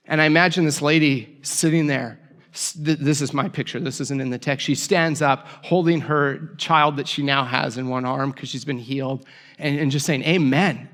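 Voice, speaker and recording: A man preaching a sermon as a pastor, telling a story with lively, acted-out voices for the people in it. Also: medium pitch, moderate pace, big-room sound.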